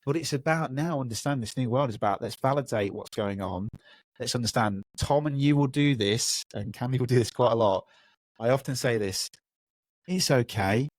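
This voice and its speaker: This thirtysomething podcast host speaks briskly at medium pitch with no room sound, animatedly telling stories in casual conversation and voicing the people in them.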